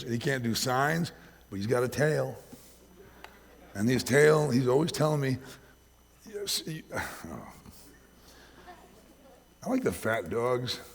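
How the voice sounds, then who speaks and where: A man preaching a sermon as pastor, telling animated stories about his pets, in a church hall with long reverb. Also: medium pitch, gravelly. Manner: anecdotal, animated storytelling.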